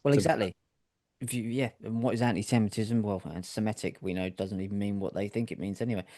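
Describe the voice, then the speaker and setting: A man's voice: on the low side, fairly even intonation, fast, dark tone. A man from Britain co-hosting a podcast, reading news stories aloud with jokey asides. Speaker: podcast co-host.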